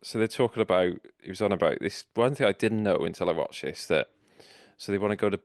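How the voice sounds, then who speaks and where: A man's voice: on the low side, fast, darkish tone, dry recording, studio quality. A man, co-hosting a podcast in chatty casual conversation. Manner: chatty, sharing researched facts. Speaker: podcast co-host. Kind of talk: casual chat.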